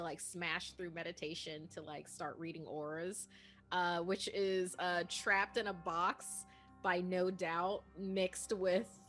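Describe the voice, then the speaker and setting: A woman chatting as a player in a tabletop game, talking quickly and describing her character in detail. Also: lowish voice, fairly bright tone. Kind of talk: casual chat playing a tabletop game.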